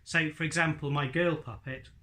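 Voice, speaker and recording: A man explaining ventriloquism to camera in a chatty, light-hearted way. His voice sits a little high and sounds bright and forceful. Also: fairly even intonation, normal speed. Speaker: ventriloquism teacher. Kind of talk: instructional talk to camera.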